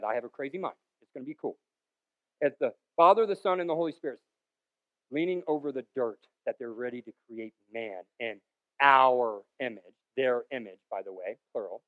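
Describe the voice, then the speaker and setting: A male pastor delivers a sermon full of joking, rambling asides, shifting between quieter stretches and sudden loud bursts. His mid-range voice is brisk, and the recording sounds muffled.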